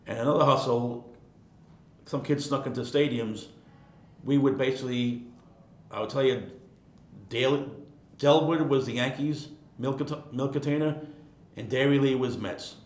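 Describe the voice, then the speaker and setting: A man's voice: steady tone, normal speed, long pauses, darkish tone. Rambling older New man. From Queens, New York. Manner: rambling, repeats words, laughs often. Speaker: guest, retired ironworker. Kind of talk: casual storytelling. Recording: echoey room, faint rumble.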